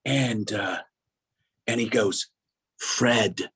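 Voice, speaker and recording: A man telling lively faith stories in a casual talk, with an excitable manner, acting out the voices he quotes. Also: mid-range voice, moderate pace, breathy edge. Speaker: guest speaker.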